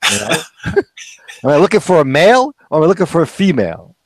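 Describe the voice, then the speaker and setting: Animated, chatty man telling stories. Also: fairly high pitch, fast, no room sound. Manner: storytelling, chuckling, acts out quoted voices. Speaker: co-host. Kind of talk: casual chat.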